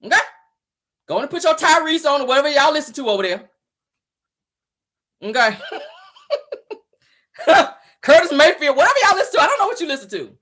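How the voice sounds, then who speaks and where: A woman's voice: sits high, sing-song, brisk, long pauses, fairly bright tone. A woman hosting a casual celebrity gossip show, sassy and teasing, laughing often as she reacts to viewer comments. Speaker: show host.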